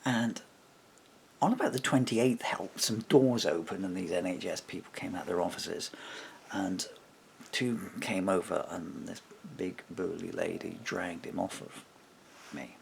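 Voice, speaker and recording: A man telling a story straight to camera in an animated, casual way, acting out what others said and chuckling between points. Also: deep voice, unhurried, vocal fry, a little hiss or hum. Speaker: vlogger.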